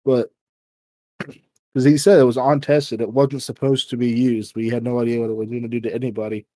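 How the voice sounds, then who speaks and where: A man's voice: mid-range voice, little pitch movement, brisk, mellow, no room sound. A man co-hosting a casual podcast, laid-back, swearing freely and steering the chat. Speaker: podcast co-host.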